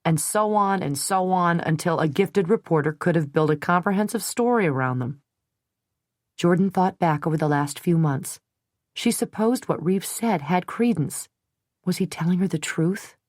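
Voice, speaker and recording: Brief: female audiobook narrator, steady and even, lowish voice, dry studio. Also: normal speed, no echo. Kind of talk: scripted narration.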